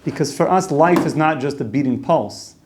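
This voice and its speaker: A man's voice: a little high, expressive, moderate pace, a little hiss or hum. A man giving a casual, conversational Torah class, dropping Hebrew and Yiddish terms into plain talk. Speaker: yeshiva teacher.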